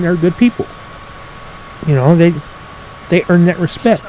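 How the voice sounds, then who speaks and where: A man, hosting a gaming channel and telling stories in a folksy, animated way, grumbling and swearing as he plays. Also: high-pitched, normal speed, pauses often, a little hiss or hum, rough recording. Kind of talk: casual storytelling while playing.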